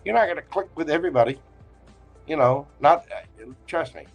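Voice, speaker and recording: Southern man, husky voice, folksy livestream host, joking and reassuring, soft music underneath. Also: fairly high pitch, animated, fairly quick, highs cut off. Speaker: tarot reader and livestream host. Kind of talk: casual livestream reading.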